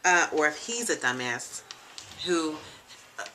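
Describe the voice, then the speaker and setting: Young woman host, low voice with a bright forceful edge, frank and chatty, faint hiss behind. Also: animated, a little slow. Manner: chatty, frank and joking, with frequent ums and asides. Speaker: web show host. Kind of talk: casual chat. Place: home room, seated in a leather chair.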